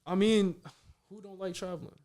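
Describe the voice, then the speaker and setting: A fairly high-pitched man in his thirties, a pro basketball player from Minnesota, chats as a guest on a casual talk show. He tells animated stories in loose slang and keeps checking in with "you know what I mean.". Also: moderate pace. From Minnesota, United States. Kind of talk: casual conversation.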